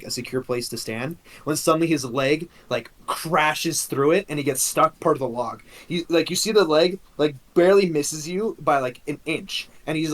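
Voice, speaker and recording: A man's voice: on the high side, fairly bright tone, rough recording. A man running a tabletop game as dungeon master, narrating in a rambling way with frequent restarts. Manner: rambling, many fillers and restarts.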